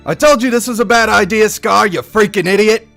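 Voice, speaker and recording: A man voicing a cranky, anxious male dwarf in a much higher voice. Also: very animated, normal speed, soft background music. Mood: exasperated.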